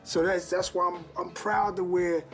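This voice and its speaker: A male rapper speaks candidly, blunt and defiant, with profanity. His voice sits somewhat high, with soft music in the background. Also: level tone, moderate pace. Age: adult. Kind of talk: candid interview talk.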